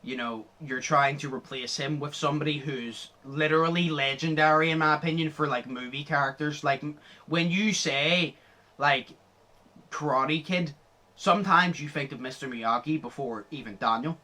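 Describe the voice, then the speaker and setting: A young man hosting a podcast, chatting casually, excitable, laughing often and swearing freely. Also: a little high, moderate pace. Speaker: podcast host.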